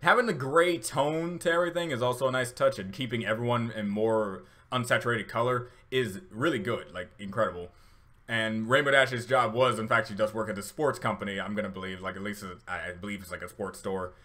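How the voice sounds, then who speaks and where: A man's voice: lowish voice, fairly even intonation, fairly quick, pushed and bright. A man hosting a casual reaction video, rambling with many fillers and restarts, and getting emotional at times. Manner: emotional, laughing through tears.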